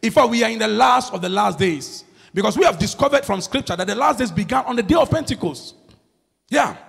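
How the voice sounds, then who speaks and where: A man preaching a sermon as pastor, swinging between loud shouts and low murmurs. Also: lively intonation, brisk, gravelly, breathy edge, faint music behind. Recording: long hall reverb.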